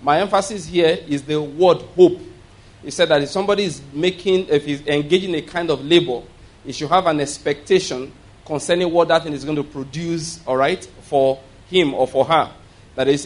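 A man preaching a sermon, explaining scripture and often checking that listeners follow. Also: fairly high pitch. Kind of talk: sermon teaching.

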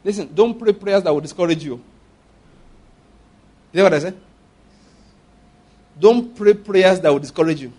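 Male pastor, somewhat higher voice, husky, animated sermon delivery. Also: moderate pace, long pauses. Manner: animated preaching with rhetorical questions and acted prayers.

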